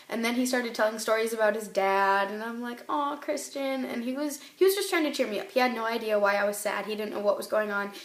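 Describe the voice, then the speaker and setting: A woman's voice: mid-range voice, reverberant. A teenage girl vlogging tearfully about a breakup, rambling and emotional, with her voice rising and breaking. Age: teens. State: tearful, crying. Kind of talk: tearful personal vlog.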